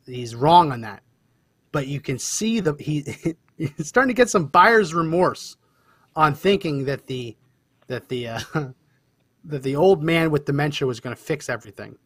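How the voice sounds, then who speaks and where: A man hosting a talk show, speaking in a brisk, emphatic way as he explains points and introduces clips. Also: on the high side, fairly bright tone, slightly rough, no room sound. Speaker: host.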